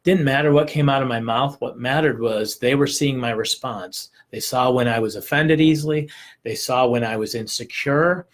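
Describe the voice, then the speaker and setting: A man's voice: medium pitch, moderate pace. Middle-aged man, mid-range voice, earnest teaching talk to parents, reflective and unpolished. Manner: earnest, reflective, many restarts and ums. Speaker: homeschool teaching presenter.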